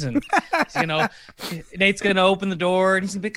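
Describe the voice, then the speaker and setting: A man's voice: fairly high pitch, steady tone, fairly quick, fairly bright tone, no room sound. A tired man co-hosting a casual podcast, talking in a laid-back, teasing way. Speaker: podcast co-host. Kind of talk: casual chat.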